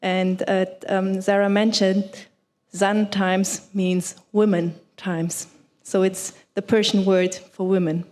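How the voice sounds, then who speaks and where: Halting, flat-voiced woman panelist. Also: medium pitch. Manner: hesitant, halting. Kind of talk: panel discussion remarks.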